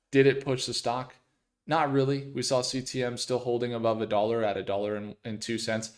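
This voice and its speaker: A man hosting a stock market livestream, chatting upbeat and casual while greeting viewers by name and talking through trades. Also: on the low side. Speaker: livestream host.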